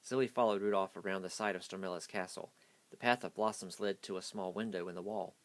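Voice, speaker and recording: A man's voice: sits low, fairly even intonation, brisk, no room sound. A man hastily reading a children's picture book aloud. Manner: hasty reading. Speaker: storyteller.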